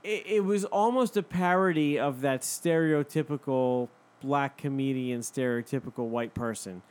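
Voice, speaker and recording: A young man hosting a podcast, telling stories in a profane, animated casual chat. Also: mid-range voice, normal speed. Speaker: podcast host.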